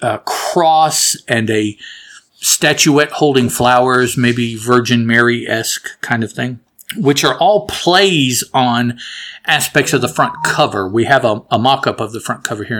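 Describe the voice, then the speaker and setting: A man's voice: medium pitch, measured pace, a bit bright. A man giving a casual, rambling recap and review of an old comic book, chatty and amused, often correcting himself.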